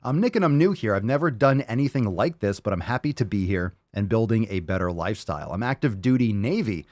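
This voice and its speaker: A man hosting a casual livestream podcast, loud and profane, hyping up listener posts and talking to his dog. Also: on the low side, animated, fast, no echo, clean studio sound. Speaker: podcast host.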